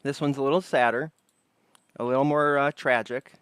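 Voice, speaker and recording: A man's voice: medium pitch, fairly even intonation, normal speed, fairly bright tone, smooth, dry recording. A man hosting a casual late-night livestream, joking around and greeting chatters by name from his porch. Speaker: livestream host. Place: outdoors on a porch.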